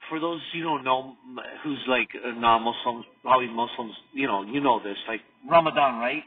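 A man co-hosting a casual podcast, telling stories in an animated way and acting out the people he quotes. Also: medium pitch, normal speed, slightly rough, no echo. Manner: animated storytelling, acts out quotes. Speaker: podcast co-host. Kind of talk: casual chat. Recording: distant tinny phone-like audio.

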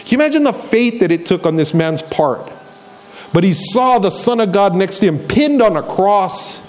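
A pastor with a high-pitched, expressive voice preaches at normal speed. He tells the story, acts out the voices of its people, and repeats key phrases for emphasis.

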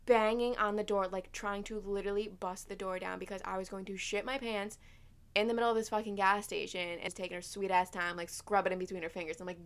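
A woman in her twenties, a vlogger telling a story in a casual, animated and profane way, full of fillers. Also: mid-range voice, quick pace. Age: 20s.

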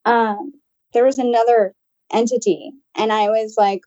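A woman with a fairly high voice tells a story on a casual podcast. She is animated and loose, with plenty of "like" fillers and some cursing. The audio is dry and a little dull, close to lo-fi. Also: measured pace, no room sound. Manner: animated storytelling, heavy "like" fillers, swears freely. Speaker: podcast co-host and channel. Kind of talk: casual chat.

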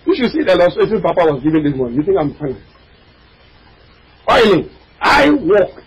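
A male pastor delivering an impassioned sermon, breaking into shouted, cracking cries and calling out to his congregation. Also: sits high, big pitch swings, brisk, pauses often, background noise. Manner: addresses and prods the congregation directly.

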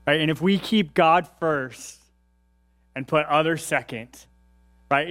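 A man's voice: a little high, a bit bright. A male pastor preaching a sermon in a conversational way, often checking in with the congregation.

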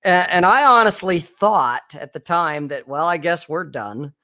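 A man's voice: fairly high pitch, expressive, a little slow, sharp tone. A man co-hosting a podcast, telling crude stories and teasing his co-host. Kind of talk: casual crude chat.

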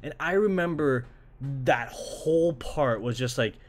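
Speaking unhurriedly in a mid-range voice, the young Canadian man rants casually about anime translations. His talk is loaded with "like," curse words, and the occasional mocking voice.

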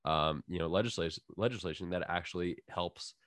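A man's voice: sits low, a little fast, a bit bright, no room sound, studio quality. A man hosting a casual podcast, rambling with lots of fillers and restarts and laughing easily. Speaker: podcast host.

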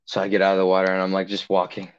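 A man's voice: low voice, completely flat delivery, rapid-fire, smooth, highs cut off. A young man casually telling a long story on a podcast, rambling with many fillers and restarts. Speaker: podcast co-host.

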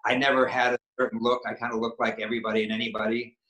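A man's voice: medium pitch, level tone, rapid-fire, sharp tone. A man from Maine, an actor being interviewed, talking casually and rambling with many restarts and fillers. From Maine, New England. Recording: echoey room.

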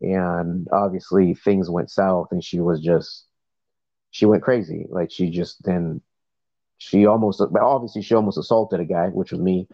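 Male caller, low voice, rambling casual storyteller, dry dull lo-fi voice-message sound. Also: fairly even intonation, a little slow, mellow, dry recording. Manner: rambling, many fillers and restarts.

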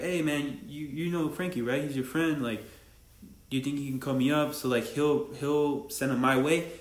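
A young man hosting his own podcast, rambling casually in slang and laughing at himself as he talks about barbering. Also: medium pitch. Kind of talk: casual solo podcast monologue. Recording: echoey room.

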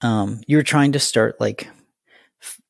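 Male podcast host, raspy with vocal fry, rambly and eager, recorded dry. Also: medium pitch, a little slow, no room sound. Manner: rambling, enthusiastic, lots of fillers. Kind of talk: casual interview chat.

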